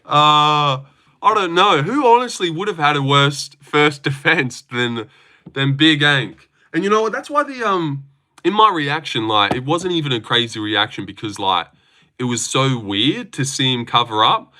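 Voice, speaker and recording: Bright-voiced Australian guy chatting on a livestream. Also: fairly high pitch, expressive, a little slow. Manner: rambling, laid-back, slangy. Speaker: livestream host. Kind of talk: casual livestream chat reading viewer comments.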